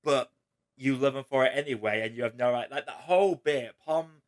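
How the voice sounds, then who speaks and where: A man hosting a casual spoiler chat, retelling movie scenes in an emotional, animated way. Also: mid-range voice, brisk. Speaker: host.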